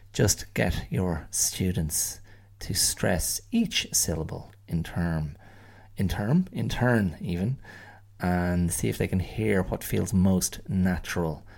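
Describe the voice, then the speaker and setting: A man's voice: low-pitched, creaky, a little mellow, husky. A middle-aged Irish man hosting a solo podcast, musing in a rambling, wry way and often restarting his phrases. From Ireland. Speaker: podcast host.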